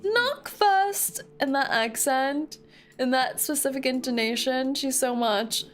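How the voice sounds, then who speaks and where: A young woman with a high, bright-pitched voice chats her way through a game in a slow, unhurried drawl. She gets excitable easily and stretches her complaints into long, whiny cries, with faint game music playing underneath. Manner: excitable, drawn-out whining cries. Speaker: streamer. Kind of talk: casual gameplay commentary.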